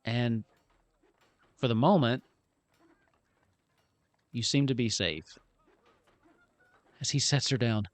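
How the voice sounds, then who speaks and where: Acting as game master for a tabletop game, a man narrates scenes in a medium-pitched voice, taking it slowly and pausing often, with no echo. His descriptions are relaxed and rambling, full of fillers.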